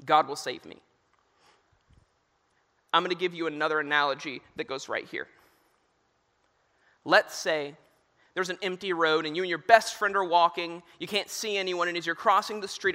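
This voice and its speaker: A man's voice: a little high, pushed and bright. A young man who is a youth minister giving a sermon, telling stories earnestly with touches of humor. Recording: reverberant hall.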